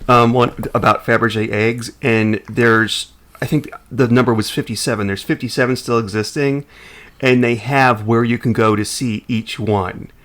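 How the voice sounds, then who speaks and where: A man in easygoing podcast chat, animated and quick with a joke. He stumbles, trails off and starts his sentences again. His voice sits at a medium pitch. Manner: animated, jokey, trailing off and restarting. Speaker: podcast co-host. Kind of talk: casual chat.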